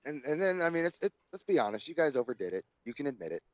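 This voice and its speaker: A man's voice: fairly high pitch, very animated, rapid-fire, no echo. A man hosting a podcast, teasing his co-hosts and laughing through crude banter. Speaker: podcast host. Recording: dull dry podcast mic.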